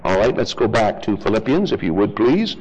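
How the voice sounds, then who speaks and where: Male preacher, verse-by-verse Bible teaching, lively up-and-down delivery, reverberant sanctuary. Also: fairly low pitch, a little fast, dull audio, slight background noise. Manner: animated, reads scripture aloud and explains verse by verse. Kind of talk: expository Bible sermon.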